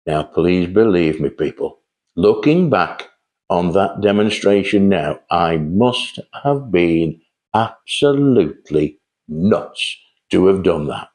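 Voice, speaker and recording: A man's voice: low voice, expressive, slow, darkish tone. An older man telling rambling, chatty anecdotes about his early sales days. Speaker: host telling sales stories. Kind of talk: casual storytelling monologue.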